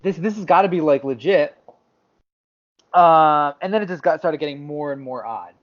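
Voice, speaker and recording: A man co-hosting a podcast talks at normal speed with a voice on the high side. He's an animated storyteller who acts out quotes during casual chat, and the lo-fi recording is a bit dull.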